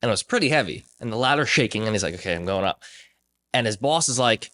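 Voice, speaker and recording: A man's voice: on the low side, fast. A young man hosting a podcast, telling stories casually and animatedly, acting out the people in them. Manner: animated storyteller, acts out quoted voices. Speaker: podcast host. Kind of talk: casual conversational storytelling.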